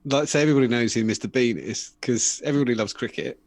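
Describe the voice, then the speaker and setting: A man's voice: medium pitch, fast, dry recording. Rambling Northern English man telling stories. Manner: rambling storyteller, puts on voices in anecdotes, frequent restarts. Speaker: podcast co-host. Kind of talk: casual chat.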